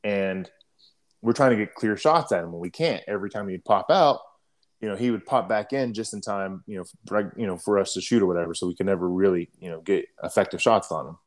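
Low-voiced man telling a war story, profane. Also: brisk. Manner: profane, rambling, clears throat often. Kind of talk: casual storytelling.

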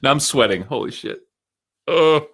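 A man's voice: mid-range voice, lively intonation, normal speed, fairly bright tone, husky. A man co-hosting a podcast, riffing in playful casual banter. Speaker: podcast co-host. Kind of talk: casual chat.

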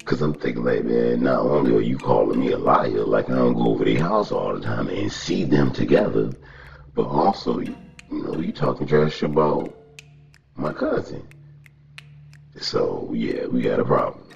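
Very deep gravelly man ranting. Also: normal speed, muffled recording, soft background music. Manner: animated storytelling, frequent cursing and laughter. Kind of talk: casual podcast monologue.

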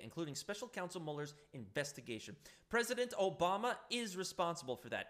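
A man's voice: a little high, a bit bright. A man giving ranting political commentary, indignant and sarcastic, often stumbling over his words.

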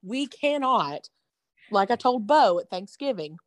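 A woman's voice: a little high, sing-song, a little slow, no room sound. Tired woman in dry chat. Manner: chatty storyteller with fillers. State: tired, yawning. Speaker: podcast co-host. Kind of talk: casual chat.

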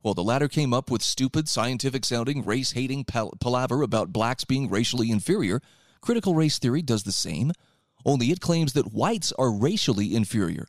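A man's voice: mid-range voice, animated, fairly quick, no room sound, clean studio sound. Sarcastic male talk radio host. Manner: sarcastic, opinionated.

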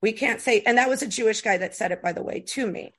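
A fast-talking middle-aged American woman with a highish, slightly breathy voice shares stories on a casual podcast. She's animated and profane, dropping plenty of fillers along the way.

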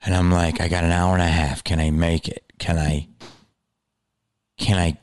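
A man telling a story in a casual, animated way, with frequent swearing and filler words. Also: sits low, normal speed, smooth.

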